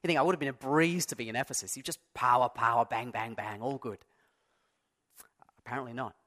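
A man's voice: mid-range voice, a little fast, sharp tone. A man preaching a sermon as pastor, conversational and self-deprecating, stressing key words. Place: church.

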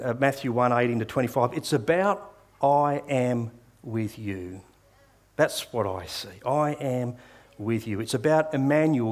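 A middle-aged man preaching a sermon, sharing personal testimony in an earnest, conversational way with frequent restarts. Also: medium pitch.

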